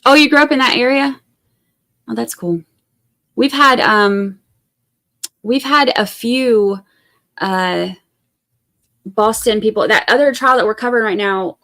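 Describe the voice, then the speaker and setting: A woman chats loosely with her stream viewers, wandering through asides and fillers. Her voice sits at a middling pitch with a gravelly, creaky texture. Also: a bit bright. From Georgia. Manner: chatty and rambling, full of fillers and asides. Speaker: true crime live stream host. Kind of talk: casual live-stream chat with viewers.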